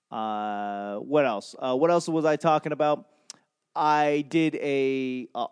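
A man's voice: a little high, darkish tone, clear, resonant tone. A man hosting a comedy podcast in a casual, rambling monologue, self-deprecating and swearing freely as he loses his train of thought. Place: home in Albuquerque.

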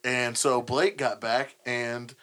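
A man's voice: mid-range voice, takes it slowly, noisy background. A young man on a podcast telling a rowdy story with lots of swearing, acting out what people said. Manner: profane animated storytelling, acts out quotes. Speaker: band member and podcast host. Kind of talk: casual podcast chat.

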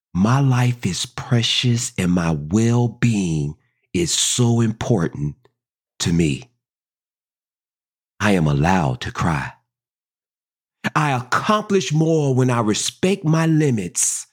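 A podcast host reads affirmations at a very slow, deliberate pace and keeps returning to the same key phrases. The voice rises and falls a great deal, with a middle pitch. It sounds calm and measured. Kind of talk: reading spoken affirmations.

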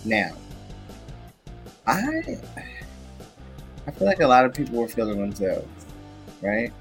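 A man's voice: mid-range voice, huge pitch swings, slow, gravelly, soft background music. A man co-hosting a casual chat show, talking with sassy, dramatic asides. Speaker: podcast co-host.

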